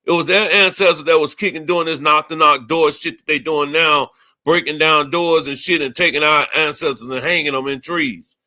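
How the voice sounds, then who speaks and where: Male streamer, furious profane rant, bright forceful tone, higher-pitched. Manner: angry, profane, repetitive. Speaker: livestream host. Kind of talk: ranting livestream commentary.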